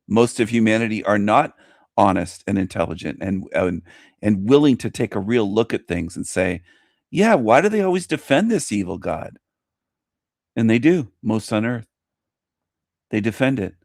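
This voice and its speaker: A man's voice: fairly low pitch, normal speed, gravelly, dry recording, studio quality. A man hosting his own show, commenting on a video he plays, scornful and mocking as he rants. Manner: scornful, mocking, animated ranting. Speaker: host.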